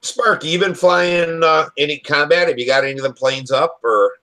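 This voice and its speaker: A man's voice: fairly high pitch, moderate pace, bright, forceful tone. A man from Michigan chatting on a video call, plain-spoken and asking the others questions. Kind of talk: casual chat, swapping stories.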